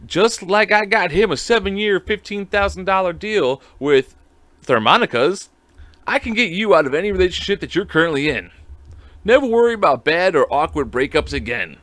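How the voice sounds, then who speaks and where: A man voicing a fast-talking male salesman in a hard-sell parody ad, raised and punchy. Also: high voice, lively intonation, fairly bright tone, dry recording, pitched above the performer's own voice. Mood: salesy. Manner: hard-sell infomercial delivery.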